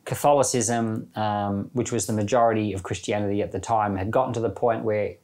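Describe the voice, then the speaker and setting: A man who is a church pastor, reading scripture aloud and then explaining it in an earnest, unhurried way with light chuckles. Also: fairly low pitch, steady tone, a little mellow. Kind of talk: scripture reading and informal Bible commentary.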